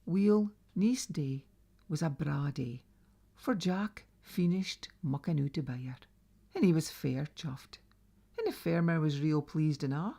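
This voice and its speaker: A woman's voice: low voice, takes it slowly, creaky, husky. A woman with a Northeast Scots accent telling a traditional folk tale, dramatic and dropping to whispers. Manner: lively, dramatic, drops to whispers. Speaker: storyteller.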